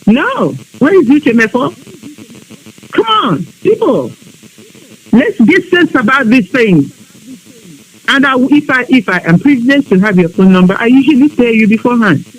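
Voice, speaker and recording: Speaking at a moderate pace with a high-leaning voice and big pitch swings, a Biafran woman from Nigeria addresses her women's group on a live online broadcast. Her emotional exhortation shifts between pleas and rebukes, captured on a rough recording.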